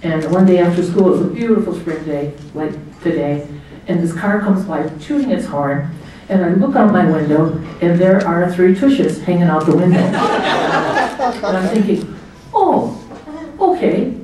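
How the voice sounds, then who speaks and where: A woman's voice: on the low side, normal speed, background noise. A middle-aged woman giving a chatty, anecdotal speech as guest of honor at her party, laughing often and acting out what people said. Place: hotel banquet room. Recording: echoey banquet hall from far off.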